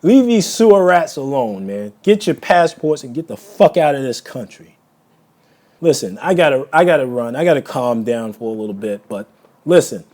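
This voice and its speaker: A man's voice: mid-range voice, big pitch swings, moderate pace, darkish tone. A man giving a heated solo video rant. He repeats words and restarts phrases as he gets emotional. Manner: angry, insulting, repeats words. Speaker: vlogger.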